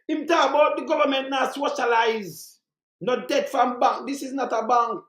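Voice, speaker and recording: A high, fairly bright voice at normal speed carries this political commentator's heated monologue, recorded with a roomy echo. With a Jamaican accent, the speaker rants fiercely in patois and keeps repeating points.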